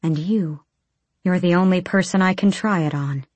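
A woman voicing a calm, determined female healer who speaks in a steady, firm, commanding way. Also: lowish voice, moderate pace, breathy edge, dry recording.

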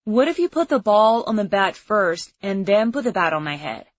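A woman's voice: medium pitch, very animated, normal speed, no room sound. Woman reading as a blunt, eager young schoolboy. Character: odd young boy who enjoys abuse. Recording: slightly muffled lo-fi recording.

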